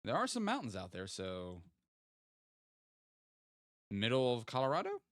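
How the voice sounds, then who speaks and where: A man's voice: medium pitch, wildly swooping pitch, measured pace, dry recording, studio quality. A man streaming a geography guessing game, thinking aloud and playfully teasing his chat as he goes. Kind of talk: casual live-stream game commentary.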